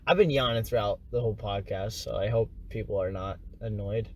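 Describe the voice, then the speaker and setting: A man's voice: on the low side, a little fast, a little hiss or hum. A young man co-hosting a podcast, joking and playful in casual chat. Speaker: podcast co-host, food reviewer.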